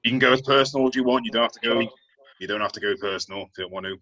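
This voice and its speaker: Male host, low and forceful, relaxed moderator, dull recording. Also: rapid-fire. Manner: easygoing, steering the questions. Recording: dull lo-fi audio.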